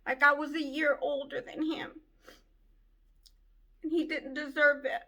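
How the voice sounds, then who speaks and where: A woman giving an emotional personal testimony, speaking in a halting, tearful way. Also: high voice, little pitch movement, bright, forceful tone. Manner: slow, halting, tearful storytelling.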